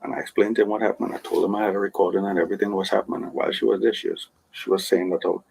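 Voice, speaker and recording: A Jamaican man with a low, gravelly, husky voice talks quickly and insistently. He keeps asking "right?" as he tells his side of a dispute. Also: steady tone, a little mellow, rough recording. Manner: insistent, repeats "right?" to seek agreement. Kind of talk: telling his side of a dispute in a played clip.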